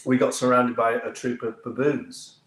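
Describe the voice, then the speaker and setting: A man from the United Kingdom, an actor, telling anecdotes in an interview with lively delivery and frequent laughter. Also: medium pitch, moderate pace. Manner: lively storyteller, laughs often, acts out other voices. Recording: roomy echo.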